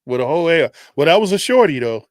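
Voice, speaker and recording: A man's voice: a little high, sing-song, racing, no room sound, clean studio sound. A man co-hosting a casual talk show, laid-back and slangy. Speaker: co-host. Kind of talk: casual chat.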